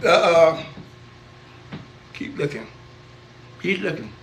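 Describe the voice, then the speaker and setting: High-voiced older man, preachy and defensive. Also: expressive, takes it slowly, gravelly, fairly bright tone, echoey room, a little hiss or hum. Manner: defensive, preachy, repeats himself. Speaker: uncle on a livestream. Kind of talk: casual livestream banter.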